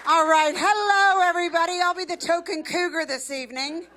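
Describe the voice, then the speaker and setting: A woman's voice: extremely high pitch, brisk, sharp tone. A woman in her fifties doing a brash, self-mocking stand-up set, working the crowd on a club stage with a handheld mic. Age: 50s. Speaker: stand-up comic. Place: comedy club stage before a live audience. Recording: live club recording with audience noise.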